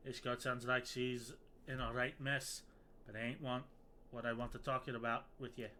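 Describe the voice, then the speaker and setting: A man voicing a blunt, worried male mercenary captain in a put-on rough British-style accent, reading game dialogue in a gruff, slangy way. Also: mid-range voice, level tone, normal speed, pushed and bright, a little hiss or hum, natural voice. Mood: gruff, confiding.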